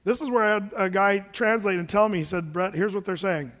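American man, pastor, chatty sermon with asides, high voice, reverberant church. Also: steady tone, brisk, a bit bright. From United States. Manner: conversational preaching with asides and restarts. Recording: long hall reverb.

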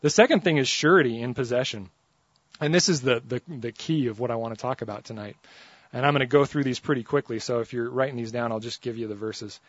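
Man, preacher, storytelling sermon, joking, lively, muffled lo-fi sound, dry. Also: mid-range voice, quick pace, no room sound.

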